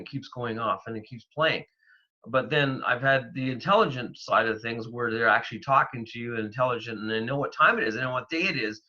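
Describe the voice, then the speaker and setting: Male guest from Canada, loose and chatty, bright, lo-fi remote audio. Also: medium pitch. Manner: rambling, animated storytelling with many fillers. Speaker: paranormal investigator guest. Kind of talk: casual interview talk.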